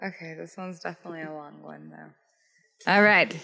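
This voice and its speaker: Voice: medium pitch, fairly even intonation, normal speed, creaky, sharp tone. A podcast co-host reading narration lines of an old tale aloud, in a dry, plain way. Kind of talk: narrating a story, casual chat.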